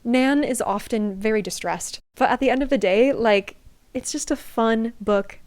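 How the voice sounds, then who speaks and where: A woman's voice: on the high side, normal speed, darkish tone. A young woman in a casual book vlog, chatty and gushing, often laughing as she talks about favorite reads. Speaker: book vlogger.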